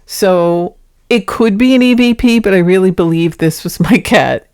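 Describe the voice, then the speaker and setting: A woman's voice: medium pitch, normal speed, darkish tone, clean tone, no echo, clean studio sound. A woman hosting a paranormal vlog in a casual, earnest way, explaining each clip before she plays it. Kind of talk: casual vlog narration introducing clips.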